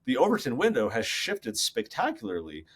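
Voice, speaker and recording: A man speaking as a guest over a laptop video call from his office, explaining ideas in an animated, storytelling way. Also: mid-range voice, moderate pace, husky. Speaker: guest author. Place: home office.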